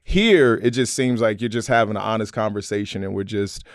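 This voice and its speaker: A male comedian guest in a casual interview, telling energetic stories and often adding "you know what I'm saying.". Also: fairly low pitch, brisk, no room sound, studio quality.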